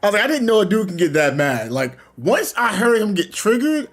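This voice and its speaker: A man's voice: high-pitched, sing-song, brisk. A young man, chatting casually and animatedly about online gaming, laughing often and using slang. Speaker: gaming streamer. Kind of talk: casual chat.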